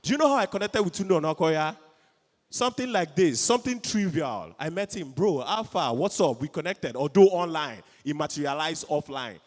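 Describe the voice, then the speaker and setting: Brief: Igbo-accented Nigerian emcee, high-pitched, hyped crowd-rouser, reverberant event hall. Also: male voice. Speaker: event co-host. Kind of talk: live event hosting.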